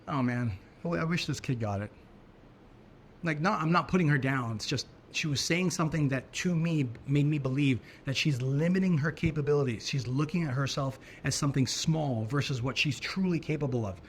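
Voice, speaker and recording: A middle-aged man hosting a show, telling a personal story in a casual, animated way and often restarting his phrases. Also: fairly high pitch, a little hiss or hum. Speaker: podcast co-host.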